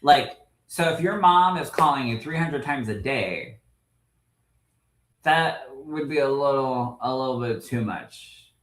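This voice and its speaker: Animated man chatting, echoey room. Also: mid-range voice, a little slow. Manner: animated storyteller, laughs often, greets live viewers. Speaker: podcast co-host and medium. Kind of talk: casual livestream chat.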